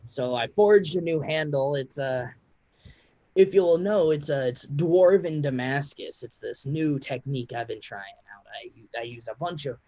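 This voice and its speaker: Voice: mid-range voice, unhurried, mellow, natural voice. A game master voicing a chatty, proud male dwarf blacksmith who rambles with lots of ums and uhs. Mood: boastful.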